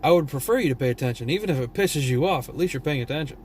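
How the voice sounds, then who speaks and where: A man's voice: fairly high pitch, animated, racing, a little mellow, slight background noise. A tired man from Texas with a Southern drawl, vlogging a blunt, profane, rambling rant. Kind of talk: casual opinion rant.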